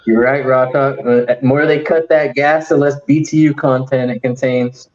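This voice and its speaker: A man's voice: medium pitch, steady tone, moderate pace, recorded from a distance. Wry joking man, somewhat muffled audio. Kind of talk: casual chat.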